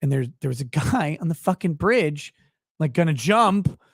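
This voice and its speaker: A man telling a story as a guest in a casual conversation. He talks in an animated, profane way, laughs often, and sounds tired, yawning as he talks. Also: on the high side, moderate pace, creaky, breathy edge, no echo, clean studio sound. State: tired, yawning while talking. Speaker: podcast guest.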